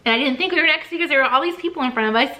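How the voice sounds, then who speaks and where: A young woman tells her story straight into the camera in a bright, clear, somewhat high voice. She gushes as she talks, rushing through lots of fillers and restarts. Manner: gushing, breathless, many fillers and restarts. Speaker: vlogger.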